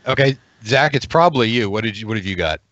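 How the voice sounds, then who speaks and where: A man's voice: fairly low pitch, animated, fast talker, a bit bright, no echo, muffled recording. A man running an online tabletop game as game master, rambling and repeating words as he jokes with players.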